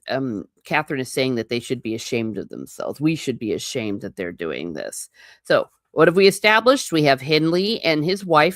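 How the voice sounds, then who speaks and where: Woman, low voice, dry close sound, chatty wry book commentary, live reading host. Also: dry recording.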